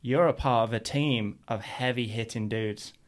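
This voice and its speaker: A middle-aged man, chatting as a guest on a podcast. He tells stories with lively energy and acts out what people said. His voice sits at an ordinary, mid-range pitch. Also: normal speed. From England. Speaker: guest, pro BMX rider. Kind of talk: casual storytelling.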